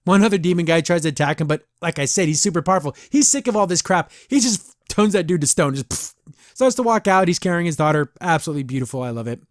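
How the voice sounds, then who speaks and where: Speaking fast and animatedly in a voice on the high side, a podcast host casually reviews an episode. He is chatty and rambling, laughs a lot, and frequently says "I don't know." The sound is clean studio audio with no room sound.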